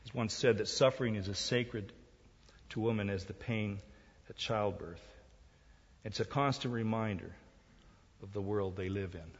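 A man with a husky voice delivers a sermon, pressing his points with emphatic rhetorical questions. His voice rings through a large hall with a long reverb. The recording is dull and lo-fi. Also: on the low side, normal speed, long pauses. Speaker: pastor.

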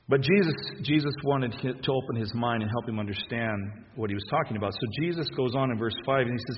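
A man preaching a sermon in a conversational, halting way, restarting phrases and laughing softly. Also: mid-range voice, long reverb tail, highs cut off.

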